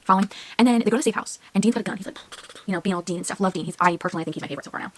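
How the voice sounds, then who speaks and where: Young woman, casual reading vlog, excitable, rambling, whispers now and then. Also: medium pitch, very fast. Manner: excitable, rambling, with many filler words and frequent whispering asides. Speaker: book vlogger.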